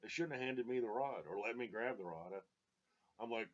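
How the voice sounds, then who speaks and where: A man's voice: medium pitch, normal speed. A man reminiscing in casual storytelling, rambling with many fillers and chuckles, in a dull lo-fi recording.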